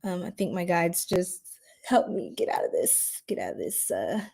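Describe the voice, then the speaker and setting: A woman's voice: on the low side, very animated, normal speed, creaky, dark tone. A woman hosting a casual astrology livestream, chatting with her viewers in a giggly, flustered way. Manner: giggly, flustered, talks straight to chat.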